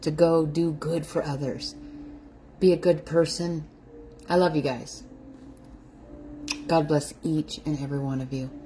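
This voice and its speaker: A middle-aged woman chatting on a live stream from her home kitchen, her voice low and soft-edged. She greets viewers by name and speaks in an effusive, heartfelt way, a little teary-eyed. A faint hiss sits under her voice. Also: fairly even intonation, unhurried, long pauses. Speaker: keto lifestyle livestream host. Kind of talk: casual livestream chat.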